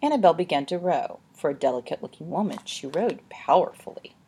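A woman narrating a storybook aloud in a steady, expressive way. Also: sits low, slight background noise. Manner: steady, expressive, slows for tense moments.

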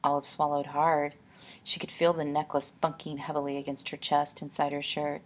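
A woman narrating an audiobook in a calm, even storytelling manner. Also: deep voice, normal speed.

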